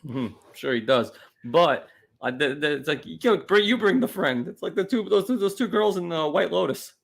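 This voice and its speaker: A man co-hosting a comedy podcast, chiming in with quick wisecracks in casual chat. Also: a little high, animated, creaky. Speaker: podcast co-host.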